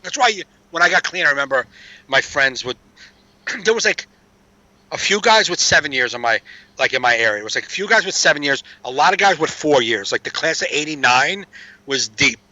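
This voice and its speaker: Bright-voiced streetwise man telling stories. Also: medium pitch, dry recording, dull audio. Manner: streetwise storyteller, swears freely. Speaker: podcast guest. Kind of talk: casual chat.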